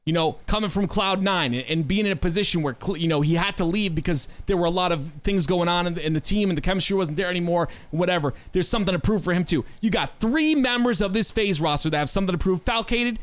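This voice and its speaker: A man co-hosting a podcast, talking in an animated, assertive way with folksy sayings and repeated emphasis. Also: high-pitched, fast, few pauses, no room sound. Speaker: podcast co-host. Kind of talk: casual podcast discussion.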